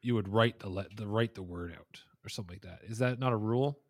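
A man's voice: on the low side, fast. A man hosting a gaming podcast, reading a story aloud and breaking off for casual asides. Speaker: podcast host.

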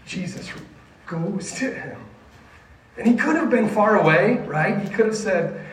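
A man preaching a sermon to a junior high group, emphatic and asking the listeners questions. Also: lively intonation, measured pace, slight background noise. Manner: emphatic, asks the audience questions. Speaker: youth pastor. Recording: echoey room, mic at a distance, faint ambience.

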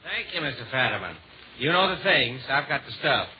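A man joking in 1940s radio comedy banter, playful and mock-innocent with deadpan punchlines, on a dull, lo-fi old radio recording. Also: mid-range voice, brisk, a little hiss or hum. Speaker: comedian guest.

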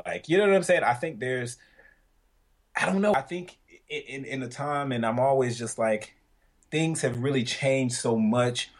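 A man's voice: medium pitch, normal speed. A man with a Southern US accent co-hosting a podcast, telling stories in a loose, rambling chat with many fillers. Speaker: podcast co-host. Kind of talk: casual chat.

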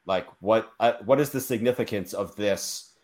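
Man, lower voice, casual host chat, hesitant, thinking aloud. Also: moderate pace, a little mellow. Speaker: podcast host.

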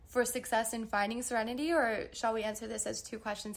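A woman's voice: on the high side, fairly even intonation, moderate pace, few pauses. A woman in her twenties hosting a casual solo podcast, answering listener questions in a candid, rambling way, trailing off and correcting herself. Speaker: podcast host. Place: New York.

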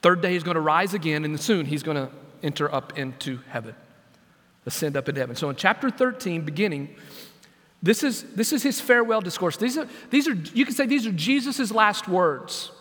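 A man preaching as senior pastor, dramatic, dropping to a hush and then rising to loud, pleading questions. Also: high-pitched, lively intonation, a little fast, big-room sound. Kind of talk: sermon.

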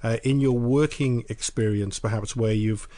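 A man's voice: medium pitch, fairly even intonation, normal speed, mellow, no echo. A man from Wales hosting a podcast, putting reflective and hedging questions to his guest. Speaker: podcast host, interviewer. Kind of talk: conversational interview.

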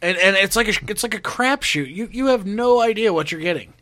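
Bright-voiced bantering male podcast host. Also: fairly quick. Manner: animated, acts out quotes in a higher voice. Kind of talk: casual storytelling chat.

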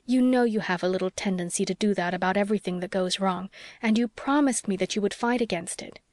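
Woman reading a kind sensible young woman, calm and soothing, reasoning gently, dry close recording. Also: mid-range voice, fast talker, no echo, natural voice.

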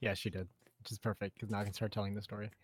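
A man's voice: fairly low pitch, level tone, rapid-fire, husky. A young man co-hosting a podcast, telling a funny story with lots of laughter. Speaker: podcast co-host. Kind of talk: casual storytelling.

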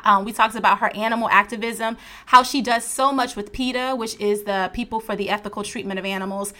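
Hosting a podcast, this woman chats with her guest in a casual, enthusiastic interview, laughing a lot. Her medium-pitched voice is brisk, bright and forceful, with fairly even intonation.

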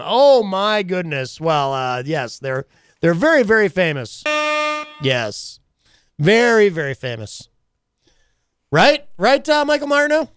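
A man's voice: sits high, sing-song, takes it slowly, pauses often, fairly bright tone, clean tone, no room sound, clean studio sound. A man hosting a radio show in casual chat, teasing his co-host in a playful, mock-dramatic way. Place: radio studio.

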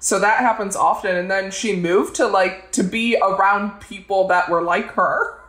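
A woman's voice: medium pitch, normal speed, a bit bright. A woman hosting a podcast, chatting easily and thinking aloud with plenty of fillers. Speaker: podcast host. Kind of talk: casual chat. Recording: roomy echo.

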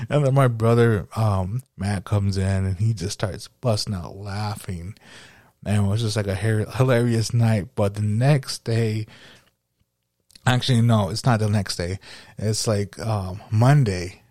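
Low, mellow-voiced young man rambling. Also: dry recording, clean studio sound. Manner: rambling, laid-back, many fillers. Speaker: podcast host. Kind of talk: casual storytelling podcast.

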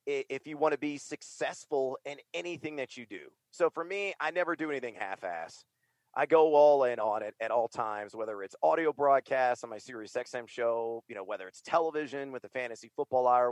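Middle-aged man, fantasy sports broadcaster, emphatic and energetic, lots of fillers, dry close sound. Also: medium pitch, no echo. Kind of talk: casual interview talk.

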